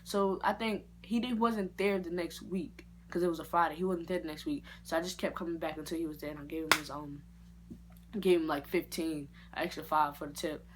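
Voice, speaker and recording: A woman vlogger telling a personal story in a casual, slangy and expressive way. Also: deep voice, a little fast, noisy background. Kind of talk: story time vlog.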